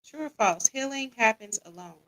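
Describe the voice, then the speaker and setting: A woman's voice: fairly high pitch, expressive, moderate pace, a bit bright, low-quality recording. A woman hosting a live podcast in casual chat, reading listener comments aloud and quizzing them. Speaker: podcast host.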